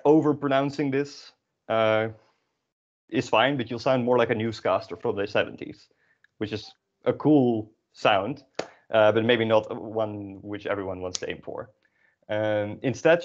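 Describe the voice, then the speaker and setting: A young man from the Netherlands with a Dutch accent, teaching a beginner language lesson in a self-deprecating, explanatory way. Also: fairly low pitch. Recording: dull lo-fi audio.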